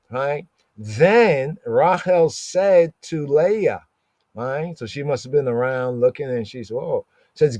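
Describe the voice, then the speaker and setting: A man giving a casual, lively scripture lesson, reading verses aloud and acting out the characters as he explains them. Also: mid-range voice, measured pace, dry recording. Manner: conversational, animated, reads verses and acts out the characters. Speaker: Torah study teacher.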